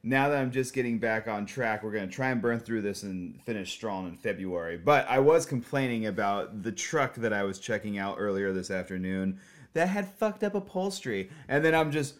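Low-voiced man in casual podcast banter. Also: expressive, normal speed. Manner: profane, rambling, laughs often. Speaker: podcast co-host. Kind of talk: casual film podcast chat.

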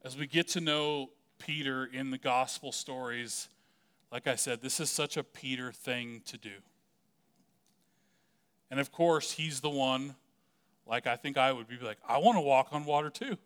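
A man's voice: medium pitch, fairly even intonation, a little slow, pauses often, a bit bright, clear, resonant tone. A man preaching a casual, conversational sermon, joking often and leaning on "like" as a filler.

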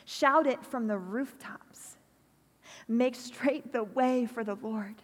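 A woman preaching a sermon in a church, earnest and pastoral, speaking slowly and deliberately. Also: on the high side. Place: church hall. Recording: long hall reverb.

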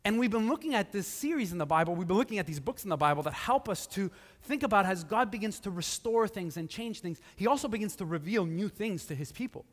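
A man's voice: high-pitched, lively intonation, quick pace. A male pastor preaching casually and conversationally, with many fillers and restarts. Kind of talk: casual sermon. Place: church sanctuary. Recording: live church hall with long reverb.

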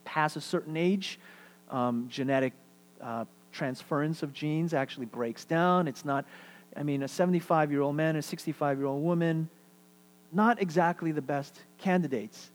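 A middle-aged man with a fairly high voice preaches as pastor at normal speed, animated throughout. He shifts from loud emphasis to quiet asides and repeats phrases for effect.

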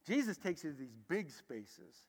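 A man preaching a sermon, telling his story in a lively way and acting out the dialogue. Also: on the high side, unhurried, husky. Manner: animated, acts out dialogue in a lively way. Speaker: preacher giving a testimony. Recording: echoey large hall.

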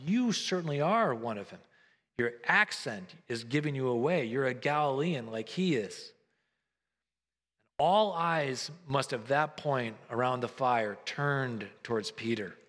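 A man's voice: mid-range voice, expressive, unhurried, a bit bright, long reverb tail. A man preaching a sermon, retelling a story earnestly and briefly acting out the lines of the people in it.

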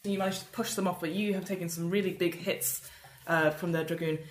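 A woman's voice: on the low side, fairly even intonation, fast talker. A woman narrating as game master in a tabletop game, playful and often laughing as she acts out voices. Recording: echoey room, faint noise.

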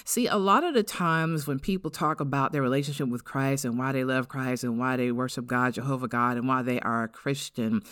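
A middle-aged woman with an African-American English accent hosting a podcast, giving an earnest, reflective personal testimony and slowing down to stress key words. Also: a bass voice, fairly bright tone, dry recording, clean studio sound. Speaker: podcast host.

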